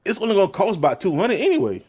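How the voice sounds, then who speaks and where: Guy chiming in on a stream, kinda high, voice bouncing around, chill slang. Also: huge pitch swings, racing, a little mellow, husky. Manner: laid-back, slangy, agreeable. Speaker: co-host on stream. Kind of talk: casual livestream chat.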